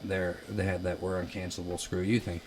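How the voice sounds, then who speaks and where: A young man from Ohio, a musician guest, telling stories in a casual chat, animated and laughing, loudly acting out quotes. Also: low-pitched, fairly quick, noisy background. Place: basement.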